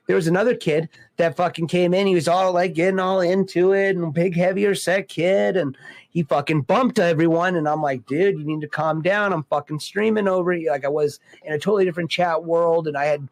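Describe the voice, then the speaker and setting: A man hosting a podcast, telling a profane, animated story in casual chat. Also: a little high, brisk, no echo. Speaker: podcast host.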